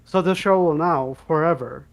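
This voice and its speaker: A man's voice: fairly high pitch, moderate pace, vocal fry. A man co-hosting a podcast, chatting casually and stating his opinions earnestly and emphatically. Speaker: podcast co-host.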